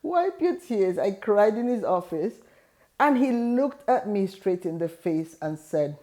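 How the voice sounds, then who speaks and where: A woman's voice: medium pitch, lively intonation, measured pace, mellow. A middle-aged woman hosting an advice video, telling a personal story in an earnest, encouraging way. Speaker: host giving advice. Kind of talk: motivational talk.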